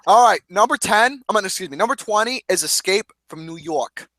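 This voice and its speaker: A man hosting a casual movie podcast, talking in a lively, animated way. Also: high voice, a little fast, dry recording. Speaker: podcast host.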